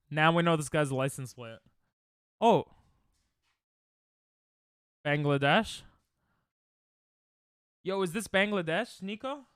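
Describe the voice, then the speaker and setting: Lively young man streaming games. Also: a little high, slow, long pauses, clean tone, no room sound, studio quality. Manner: excitable, reacting aloud and bantering with chat. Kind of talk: casual live-stream chatter while gaming. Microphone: headset.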